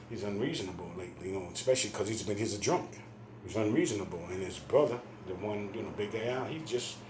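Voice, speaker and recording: A man's voice: fairly low pitch, noisy background. A middle-aged man heatedly retelling a family fight in a casual, profane rant. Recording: echoey room.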